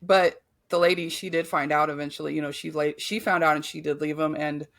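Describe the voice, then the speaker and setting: A woman in her thirties with a deep, gravelly, slightly bright voice talks briskly and flatly. As a podcast host she frankly tells her own life story, cursing freely, using lots of fillers, and restarting sentences often.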